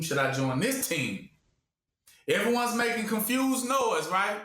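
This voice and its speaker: A man's voice: sits high, lively intonation, unhurried, fairly bright tone. A man preaching a call-and-response sermon, asking the room to finish his sentences and acting out voices. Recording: echoey room.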